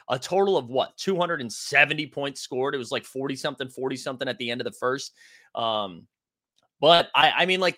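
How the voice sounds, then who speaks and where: A man's voice: on the high side, bright, forceful tone, no echo, clean studio sound. A man hosting a live stream, chatting casually and rambling with many fillers and restarts. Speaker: livestream host.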